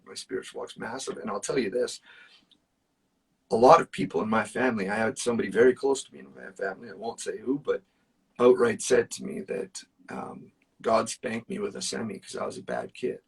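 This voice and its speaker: A man's voice: on the low side, fairly quick, vocal fry, breathy edge, far from the mic. A man, a musician guest, telling personal stories in casual chat, earnest and emphatic, with plenty of fillers. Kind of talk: casual storytelling.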